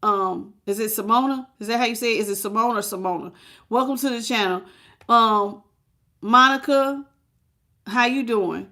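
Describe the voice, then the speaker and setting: A woman's voice: a little high, normal speed, pushed and bright. A woman giving a casual live tarot reading, talking straight to the viewer and greeting people in the chat. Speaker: tarot reader.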